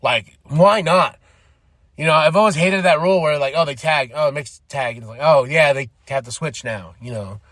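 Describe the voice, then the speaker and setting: Chatty man with a fairly high voice. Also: moderate pace, a bit bright, no echo, studio quality. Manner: enthusiastic, rambling, laughs often, fan's opinions. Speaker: podcast host. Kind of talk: casual commentary.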